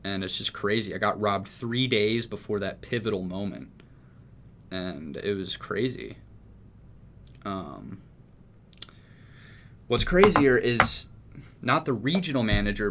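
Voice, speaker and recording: A man's voice: lowish voice, expressive, measured pace, pauses often, a bit bright, a little hiss or hum. A young man from Texas telling a story in casual chat, rambling and swearing freely. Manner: profane, rambling, laid-back. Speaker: music producer.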